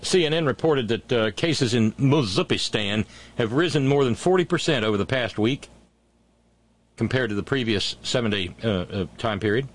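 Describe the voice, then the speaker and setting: A man's voice: medium pitch, expressive, normal speed. A man hosting a political talk show, ranting angrily and sarcastically with profanity and stammered restarts.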